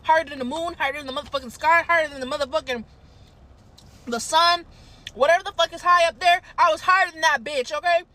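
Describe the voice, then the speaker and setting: A young woman telling a casual storytime anecdote in a profane, animated way. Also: high-pitched, fast. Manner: profane, animated, swears a lot.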